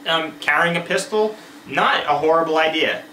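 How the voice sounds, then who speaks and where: A man's voice: on the high side, moderate pace, bright, forceful tone. A man co-hosting a survival gear video, rambling in casual banter and often restarting his sentences. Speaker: co-host of a survival gear channel. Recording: roomy echo with faint noise.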